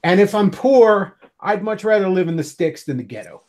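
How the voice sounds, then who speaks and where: American guy ranting on a livestream, swears a lot, sarcastic, voice a bit higher. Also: animated, moderate pace, a little mellow. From United States. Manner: profane, heated, sarcastic. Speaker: livestream host. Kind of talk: ranting casual monologue.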